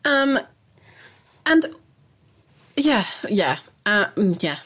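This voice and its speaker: A woman's voice: medium pitch, sing-song, extremely slow, a bit bright. A woman co-hosting a podcast in casual chat, rambling along and laughing often as she talks through a recipe. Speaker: podcast co-host.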